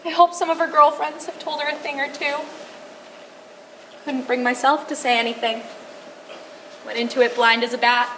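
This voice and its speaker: A young actress playing a tearful mother of the bride, rambling and halting on stage. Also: high voice, flat delivery, bright, forceful tone, slight background noise, poor audio. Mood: fretful. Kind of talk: live stage acting.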